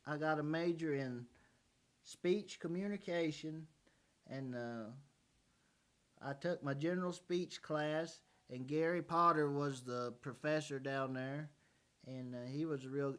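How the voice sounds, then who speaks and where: A man's voice: on the high side, a bit bright. A man hosting a casual talk show, reading fan mail and telling joking stories in a folksy way. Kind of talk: casual comedic chat. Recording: faint banjo music behind.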